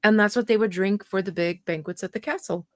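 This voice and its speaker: A woman's voice: mid-range voice, a little fast, dry recording, clean studio sound. Chatty woman telling rambling stories. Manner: chatty, rambling anecdotes with quoted voices. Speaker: podcast co-host. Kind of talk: casual chat.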